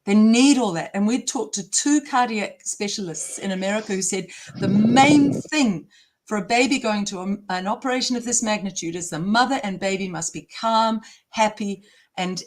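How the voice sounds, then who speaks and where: A woman gives an interview at a middle pitch. She speaks with emphatic, emotional indignation. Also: moderate pace. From New Zealand. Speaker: interview guest. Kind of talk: impassioned interview talk.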